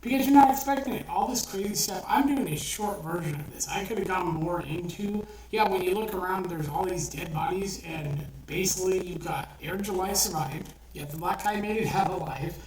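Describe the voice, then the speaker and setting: With a darkish tone and medium pitch, an online storyteller talks at a moderate pace with few pauses. They casually recount a short story they wrote, rambling, swearing, and restarting often amid lots of fillers, on a distant, roomy mic with faint noise.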